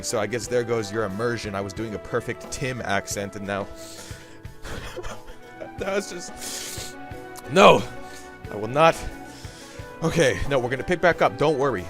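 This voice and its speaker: A man's voice: mid-range voice, lively intonation, unhurried, pauses often, music in the background. Dude rambling over his gameplay, goofy jokes, voice bouncing all over the place. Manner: goofy, jokey, sudden bursts of silly voices. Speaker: gaming YouTuber host. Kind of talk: rambling comedic gameplay commentary.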